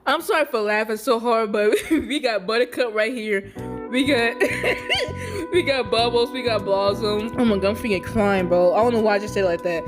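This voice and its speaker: A young woman giving an excitable, giggly, slangy voice-over tour of a game build. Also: mid-range voice, a little fast. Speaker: vlogger touring a game build. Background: background music.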